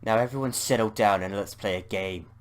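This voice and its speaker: A man with a British accent voicing an unhinged, murderous young woman gambler who flips from quiet calm to rage in a text adventure. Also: on the low side, fairly quick, natural voice. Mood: coldly calm.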